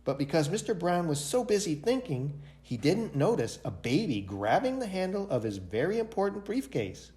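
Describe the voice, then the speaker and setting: Lively man reading a children's story. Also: on the high side, moderate pace, few pauses. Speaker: library director reading a picture book. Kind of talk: children's storytime read-aloud.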